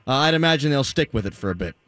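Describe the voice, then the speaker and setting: Man, sports radio host, joking, plain-spoken, mid pitch, dry studio sound. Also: expressive, very fast, fairly bright tone, no echo. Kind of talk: radio talk show hosting.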